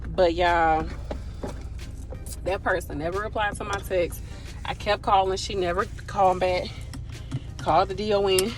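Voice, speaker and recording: A woman's voice: medium pitch, steady tone, unhurried, long pauses, soft background music. A young woman nurse talking casually and exasperated to her viewers, addressing them as a group and swearing freely. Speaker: agency nurse vlogger. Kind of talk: casual vlog rant to viewers.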